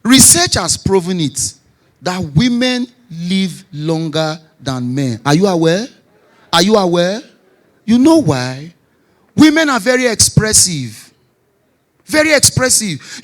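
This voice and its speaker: This stand-up comic, a man in his forties with a Nigerian Pidgin English accent, spins stories on stage. He bellows his punchlines and goes quiet for side remarks.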